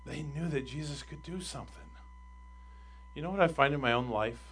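A male pastor preaches emphatically, his husky, rather high voice moving briskly. He poses rhetorical questions to the congregation, and his volume swings between loud and quiet.

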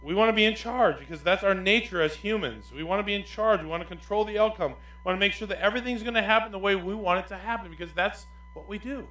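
A man preaching a sermon as pastor, animated, swinging between loud emphatic lines and quiet asides. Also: high-pitched, fast talker, few pauses, reverberant, low-quality recording.

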